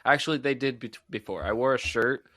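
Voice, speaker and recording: A man's voice: mid-range voice, brisk, a bit bright. Twenties man, podcast co-host, casual banter, playful and theatrical. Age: 20s. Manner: playful, mock-dramatic teasing. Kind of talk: casual chat.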